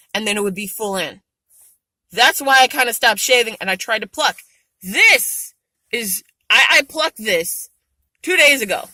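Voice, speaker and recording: Bright-voiced woman ranting profanely. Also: dry recording, low-quality recording. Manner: frank, heavily profane venting; animated, rising to high exasperation. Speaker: vlogger. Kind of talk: casual vlog rant to camera.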